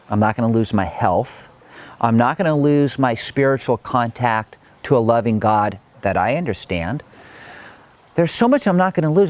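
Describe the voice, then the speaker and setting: A man's voice: medium pitch, darkish tone. A man giving a heartfelt motivational talk about his own experience, earnest and emphatic. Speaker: motivational speaker.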